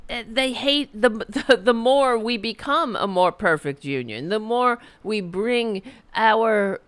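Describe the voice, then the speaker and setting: A woman's voice: medium pitch, clear, resonant tone, no room sound. A middle-aged woman hosting a live political stream, ranting in a heated, profane, rambling way with frequent restarts. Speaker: political commentary host.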